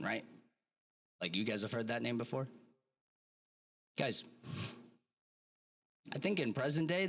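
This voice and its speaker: Bright-voiced man giving a pep talk. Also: mid-range voice, husky. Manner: casual, animated storytelling with slang. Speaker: podcast host. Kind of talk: motivational monologue.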